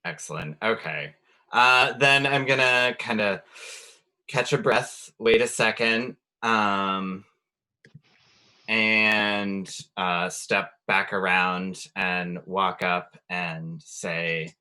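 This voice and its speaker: A man playing in a tabletop game, describing what his adventurer does while he thinks aloud and halts often. He talks slowly, and his tone is bright and forceful. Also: lowish voice, smooth. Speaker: player. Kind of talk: casual tabletop play.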